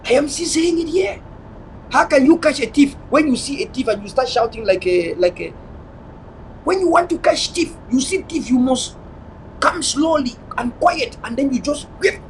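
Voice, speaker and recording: Man, high-pitched, preachy political commentary, faint noise behind. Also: lively intonation, normal speed, low-quality recording. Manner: preachy, repetitive, mixes in pidgin. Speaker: online show host.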